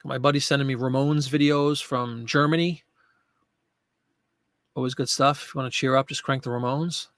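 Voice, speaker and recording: A man's voice: mid-range voice, steady tone, moderate pace, long pauses, a bit bright, no echo. A middle-aged man hosting a casual live chat show, chatting and answering viewer comments. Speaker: host of a live chat show for online sellers.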